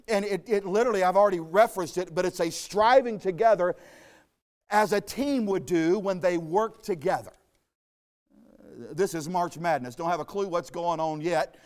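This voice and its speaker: High-voiced folksy preacher man. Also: a little mellow. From Arkansas. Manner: folksy, joking asides, storytelling. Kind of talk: sermon.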